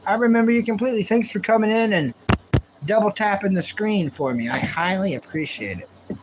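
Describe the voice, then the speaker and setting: A man's voice: sits high, animated, brisk, background noise. A man hosting a casual live stream, chatting folksily with viewers and telling stories, indoors at home. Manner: chatty, folksy, answers viewer comments aloud. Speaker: livestream host.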